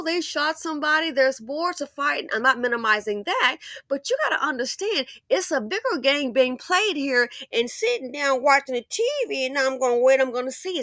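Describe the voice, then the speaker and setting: Commentary host: preachy woman, slightly high voice, dry close sound. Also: pushed and bright, no echo. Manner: preachy, emphatic, repeats phrases. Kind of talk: casual commentary monologue.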